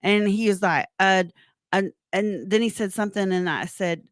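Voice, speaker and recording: A woman co-hosting a radio show, telling a story in casual chat with lively delivery and frequent laughter. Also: medium pitch, moderate pace, dry recording, clean studio sound. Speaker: radio co-host. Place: radio studio. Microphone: studio microphone.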